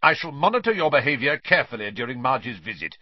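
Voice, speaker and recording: A man's voice: mid-range voice, very animated, fast, dry recording, highs cut off, pitched above the performer's own voice. A man voicing a blustering, bullying middle-aged uncle who snarls and bellows. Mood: grudging.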